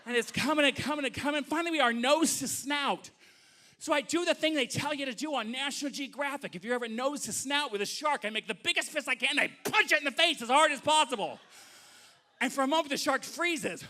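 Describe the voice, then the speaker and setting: A man telling a comic story live on stage to an audience, animated and acting out voices. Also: extremely high pitch, a little fast.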